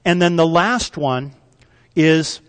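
A man with a high voice preaches slowly and deliberately, pausing so the congregation can answer back. His words ring out with a long hall reverb, as in a church sanctuary. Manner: call-and-response preaching, asks the congregation to repeat words. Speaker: pastor. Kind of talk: sermon.

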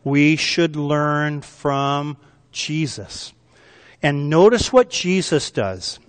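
A man's voice: a little high, expressive, drawn-out words, clear, resonant tone. A man preaching a sermon, leading the congregation in call-and-response and asking them to repeat key words. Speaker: pastor. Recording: long hall reverb.

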